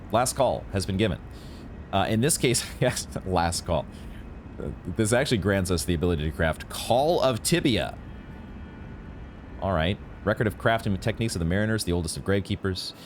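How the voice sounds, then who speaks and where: A man giving excitable, swear-laden commentary while playing a video game. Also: lowish voice, slight background noise. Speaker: gaming channel host. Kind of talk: live gameplay commentary.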